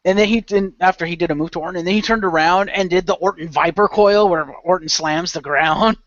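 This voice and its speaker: A man's voice: high voice, a little fast, fairly bright tone, no room sound. Rambling man host, raised voice. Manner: rambling, filler-heavy storytelling. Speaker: podcast host. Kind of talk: casual chat recapping wrestling. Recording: dull, dry lo-fi podcast audio.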